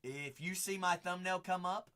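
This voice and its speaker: A man hosting a live-streamed card break, chatting with viewers by name, teasing them, and breaking into hype shouts as he talks through teams while standing. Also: sits high, normal speed. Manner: hype-driven, bursts into shouts. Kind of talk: live-stream auction patter.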